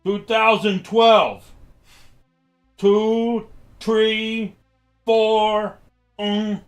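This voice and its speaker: A man voicing a confused woman from the future who speaks halting, broken English. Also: sits high, level tone, faint music behind, voice pushed up. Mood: halting, puzzled. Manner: halting, fragmented speech.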